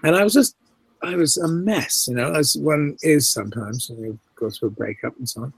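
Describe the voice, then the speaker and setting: A man's voice: on the high side, moderate pace, vocal fry, breathy edge, no echo. A middle-aged man, a guest actor, telling anecdotes in an interview and acting out the voices he quotes. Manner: animated storyteller who acts out quoted voices.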